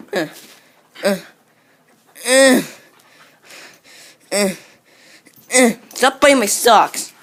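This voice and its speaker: Woman, slow unhurried talk, playful teasing, repeated scolding, mock growls, home video with a pet dog. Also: medium pitch, a bit bright. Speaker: dog owner.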